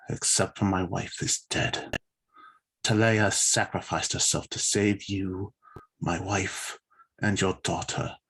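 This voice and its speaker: A man's voice: low voice, a bit bright, slightly rough, voice pushed down, exaggerated voice. A man reading the part of a cold, sardonic alien male officer who speaks in a dry, formal way. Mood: defeated. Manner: dry, formal, without contractions.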